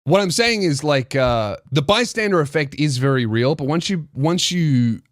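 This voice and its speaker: A man's voice: a little high, expressive, normal speed, no room sound, clean studio sound. A man who hosts a podcast, telling a comedic story in a heated, profane way with frequent restarts. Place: podcast studio.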